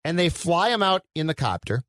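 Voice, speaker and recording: A man's voice: a little high, very animated, a little fast, fairly bright tone, no room sound. A man co-hosting a casual movie podcast, nitpicking scenes with wry sarcasm and lots of "like". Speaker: podcast co-host. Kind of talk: casual movie review chat.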